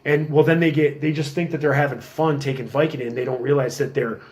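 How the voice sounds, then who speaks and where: A middle-aged man telling stories in a casual podcast chat, working as a police officer, animated and acting out quotes. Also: on the high side, fairly quick. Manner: animated storyteller, acts out quotes in a raised voice.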